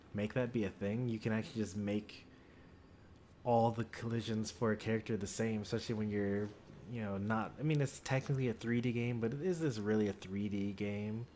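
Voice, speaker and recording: A sleepy man in his thirties chats with viewers while playing, musing aloud in a relaxed, rambling way. His voice sits a bit low, close on a desk microphone with a faint hum of noise. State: tired, yawning. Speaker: streamer. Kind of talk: casual game-stream chat. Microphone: desk USB microphone.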